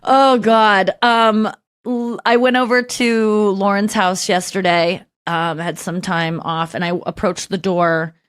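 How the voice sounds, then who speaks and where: A woman's voice: on the low side, unhurried, hardly any pauses, no room sound, clean studio sound. A woman hosting a podcast, chatting casually and telling stories with gushing enthusiasm. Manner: animated, gushing storyteller. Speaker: podcast host. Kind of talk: casual chat.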